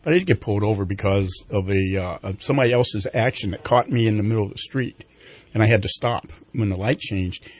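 A man's voice: lowish voice, a little fast, breathy edge. A middle-aged man co-hosting a talk show, chatting casually and rambling with many restarts. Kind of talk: casual conversation.

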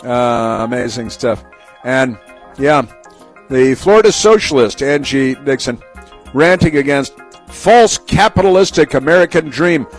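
A man's voice: medium pitch, expressive, unhurried, faint music behind. A man hosting a talk radio show, delivering an opinionated monologue in a sarcastic, rambling way full of fillers and restarts.

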